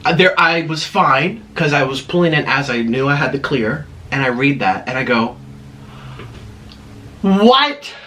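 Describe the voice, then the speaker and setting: A man's voice: mid-range voice, normal speed, hardly any pauses, pushed and bright, a little hiss or hum. A man hosting an eating vlog, chatting through a dramatic story between mouthfuls. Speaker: vlogger.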